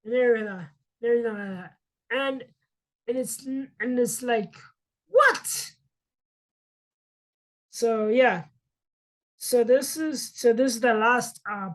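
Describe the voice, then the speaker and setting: A woman reading and casually retelling a Bible story, halting with many fillers and restarts. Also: a little high, poor audio.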